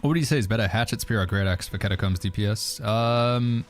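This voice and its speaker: A man's voice: fairly low pitch, a little fast. A man streaming a game, chatting casually and answering viewer questions as he plays. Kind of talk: casual gaming commentary. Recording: faint music behind.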